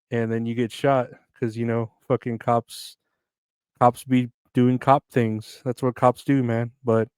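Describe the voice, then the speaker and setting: Casting: male solo podcaster, crude rambling humor, smooth clear voice, dry close sound. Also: medium pitch, little pitch movement, unhurried, a little mellow, no room sound. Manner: crude, rambling, jokey, reads news aloud and riffs on it. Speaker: podcast host.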